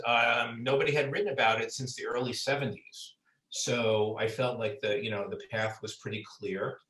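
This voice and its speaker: A man's voice: medium pitch, fairly bright tone. A man, an author, chatting about his book with lots of fillers and restarts, heard over a video call. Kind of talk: conversational book talk. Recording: roomy sound, far from mic.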